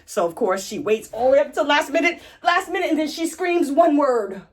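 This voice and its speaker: A woman hosting a casual, animated story recap in slangy speech, acting out the quotes as she goes. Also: high-pitched, fairly quick. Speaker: host.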